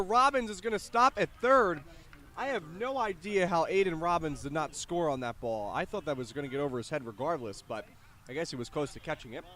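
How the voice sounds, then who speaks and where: A young man with a high, light voice calls a high school baseball game play by play. He lifts his voice on the big plays and chats loosely between pitches. He is recorded outdoors at the field. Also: fairly quick, bright, forceful tone. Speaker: play-by-play announcer.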